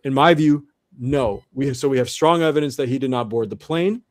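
A man talks in an even middle register, working through his points with earnest, repeated restarts. The sound is dry and close, with no room around it. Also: medium pitch, normal speed, dry recording. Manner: earnest, restarts often, builds argument step by step. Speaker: guest. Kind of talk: conversational interview explanation.

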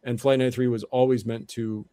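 A man's voice: medium pitch, flat delivery, fast talker, dark tone, clear, resonant tone, no room sound. Earnest man explaining at length. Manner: earnest, restarts often, builds argument step by step. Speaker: guest. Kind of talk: conversational interview explanation.

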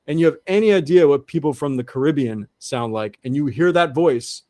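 A man's voice: a little high, brisk, a little mellow, dry recording. A man as an interview guest, talking in an earnest monologue that often repeats and restarts. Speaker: guest researcher.

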